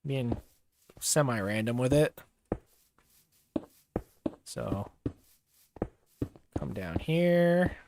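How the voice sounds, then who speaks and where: A young man streaming a survival game, talking his build through in an unhurried, drawn-out way. He rambles easily, trails off and fills gaps with small hesitations. A faint hiss sits under his mid-pitched voice. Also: creaky. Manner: relaxed, rambling, many fillers and pauses. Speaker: livestreamer. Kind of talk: casual gameplay commentary.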